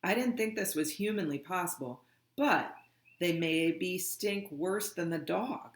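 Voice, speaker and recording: A storybook reader takes the chapter slowly and deliberately, letting each line settle. The voice sits mid-range. The room gives it a roomy, echoey ring. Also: mid-range voice. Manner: slow, deliberate read-aloud. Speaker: audiobook reader. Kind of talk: reading a children's novel aloud.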